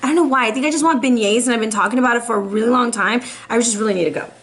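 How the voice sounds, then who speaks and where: Young woman, high voice, tarot reader, sassy and playful, laughs a lot. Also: rapid-fire, fairly bright tone. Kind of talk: casual tarot reading.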